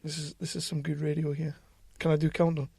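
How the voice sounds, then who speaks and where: A man's voice: fairly high pitch, monotone, brisk, gravelly, darkish tone, a little hiss or hum. A man co-hosting a casual podcast, reading quiz questions aloud and teasing his co-host with plenty of swearing. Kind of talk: casual chat. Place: small home studio shed.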